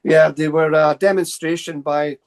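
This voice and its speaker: A Scottish man, a guest on an interview show, telling anecdotes in a fast, animated way with asides. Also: on the high side. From Scotland. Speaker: guest, paranormal researcher. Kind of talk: casual storytelling interview.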